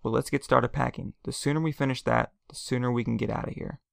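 A man doing a calm, steady father. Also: medium pitch, fast talker, gravelly, dry recording, clean studio sound.

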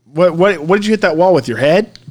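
A man's voice: high voice, lively intonation, fairly quick. A man, co-hosting a casual chat and rambling through stories with frequent laughs. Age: 30s. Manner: rambling storyteller, laughs often, swears. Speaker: podcast co-host, bar owner.

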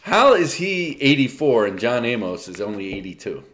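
A man's voice: medium pitch, big pitch swings, moderate pace, a bit bright. A man in his fifties co-hosting a casual podcast chat, easygoing, quizzing his co-host. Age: 50s.

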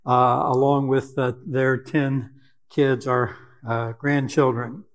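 An older man preaches a sermon in a fairly high voice, earnest and deliberate, pausing now and then with fillers. His voice carries a long reverb, as if heard in a church sanctuary. He speaks as a church elder addressing his congregation.

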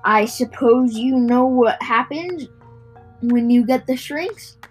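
A woman's voice: on the high side, slow pace, breathy edge, soft background music, low-quality recording. A woman doing a gloating, nasty old man in a storybook. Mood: sly. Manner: loud, gloating and mocking. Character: nasty old man tormenting his wife.

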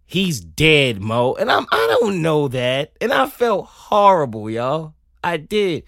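Lively, laughing comic monologue man. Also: fairly high pitch, a little slow, gravelly, no echo, clean studio sound. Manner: animated, laughing, profane storytelling. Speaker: podcast host. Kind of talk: comedic solo monologue. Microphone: close studio mic.

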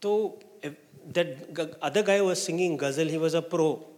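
Giving a storytelling testimony about his own life, a man with an Indian English accent speaks at normal speed in a slightly high voice. He's animated and performs the voices of the people he quotes, and the sound carries a long hall reverb.

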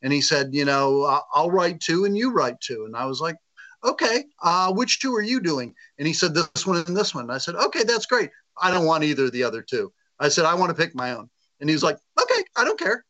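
A man being interviewed, telling a story casually and acting out the quoted dialogue with animated voices. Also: a little high, brisk. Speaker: author guest. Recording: lo-fi muffled audio.

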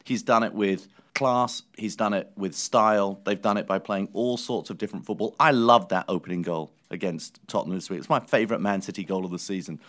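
A man's voice: lowish voice, a little fast, hardly any pauses, a bit bright. A man co-hosting a football podcast, making emphatic points and repeating key words for weight. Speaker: podcast co-host. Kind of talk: football analysis chat.

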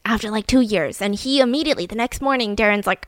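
Young woman podcaster gabbing through a true crime story, kinda high voice, dry close mic. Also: animated, fast talker, dry recording. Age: young adult. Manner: chatty, acts out quotes, laughs often. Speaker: podcast host.

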